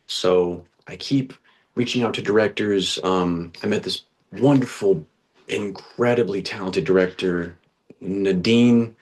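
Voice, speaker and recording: A man's voice: low-pitched, measured pace, darkish tone. A young man, a guest actor, telling his story in a casual interview, earnest and chatty, with lots of restarts and slang like "dude". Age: young adult.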